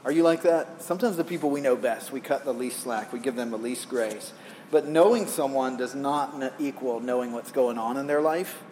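A man's voice: medium pitch, normal speed. A middle-aged man preaching a conversational sermon, telling stories and asking the congregation rhetorical questions from a stage mic. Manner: animated, storytelling, rhetorical questions to the crowd. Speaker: pastor. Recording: long hall reverb, faint background noise.

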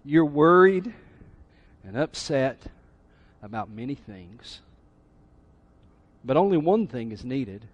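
A man voicing a calm, gentle male teacher who speaks softly and tenderly in a sermon. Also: mid-range voice, highs cut off. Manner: soft, slow, tender.

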